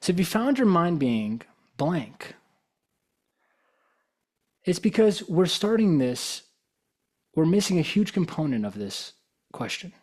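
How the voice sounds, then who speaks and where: A man's voice: a little high, sing-song, slow, pauses often, darkish tone. A man giving a motivational talk as a guest speaker, telling stories and pressing his audience with rhetorical questions. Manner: probing, full of rhetorical questions.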